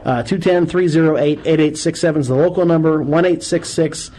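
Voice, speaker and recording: Guy hosting a radio call-in, animated and jokey, kinda high voice. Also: fairly quick, low-quality recording. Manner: animated, joking, given to loud exclamations. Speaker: radio show host. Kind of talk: casual radio chat.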